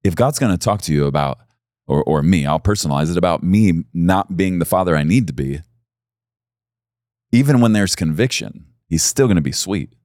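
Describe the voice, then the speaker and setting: A man's voice: sits low, animated, normal speed, darkish tone, dry recording, clean studio sound. A middle-aged male pastor preaching a sermon in an earnest, intimate way that swells to emphatic peaks.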